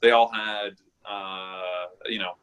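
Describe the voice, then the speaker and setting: Chill dude cohost rambling on a podcast, lowish bright voice. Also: male voice, fairly even intonation, slow, smooth. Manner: rambling, laid-back, says dude. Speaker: podcast co-host. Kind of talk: casual podcast chat.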